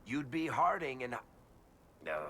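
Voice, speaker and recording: A man's voice: medium pitch, big pitch swings, slow, creaky, a bit bright, a little hiss or hum, heavily acted. A man voicing a wry, teasing dwarf storyteller in a video game.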